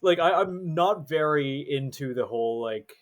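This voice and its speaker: A man's voice: on the high side, expressive, moderate pace. A man hosting a podcast, chatting casually with a hesitant, stammering delivery and blunt jokes. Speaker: podcast host.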